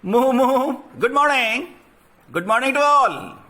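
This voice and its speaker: Man reading a fretful farm cow in a children's lesson, high and slow. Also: animated, sharp tone, heavily acted. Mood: complaining. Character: worried farm cow complaining about food.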